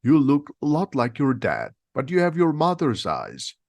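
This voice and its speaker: A man doing Hagrid, a booming bearded giant. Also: huge pitch swings, measured pace, vocal fry, darkish tone, no room sound, exaggerated voice. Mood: friendly. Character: huge bearded gentle giant man, blunt and warm.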